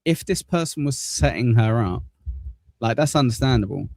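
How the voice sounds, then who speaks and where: A man's voice: medium pitch, expressive, moderate pace, gravelly, darkish tone, no room sound. A man hosting a casual live stream, blunt and swearing, reading viewer messages aloud.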